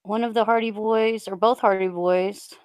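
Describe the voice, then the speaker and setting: A young woman on a casual live stream, rambling and halting with lots of fillers as she reads out viewer comments into a USB desk mic. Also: medium pitch, fairly even intonation, a little mellow, clean tone, no room sound.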